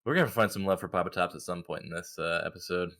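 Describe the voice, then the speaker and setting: A man co-hosting a casual hobby podcast, talking in an animated, joking, opinionated way. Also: low-pitched, quick pace. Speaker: podcast co-host.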